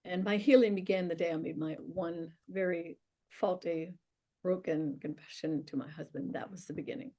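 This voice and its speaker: An older woman, a guest, earnestly telling a personal faith story with soft, tearful pauses. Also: fairly low pitch, steady tone. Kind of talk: emotional personal testimony.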